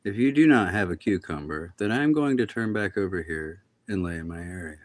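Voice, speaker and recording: A man's voice: sits low, animated, brisk. A man voicing his grumpy, sleepy pet tortoise that complains about having no cucumbers. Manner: gruff, complaining.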